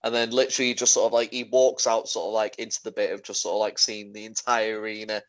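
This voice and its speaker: A man's voice: on the low side, flat delivery, fast talker. A man chatting casually, rambling and filling his sentences with "sort of, like". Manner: rambling, leans heavily on "sort of, like". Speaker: podcast co-host. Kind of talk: casual chat. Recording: dull lo-fi audio.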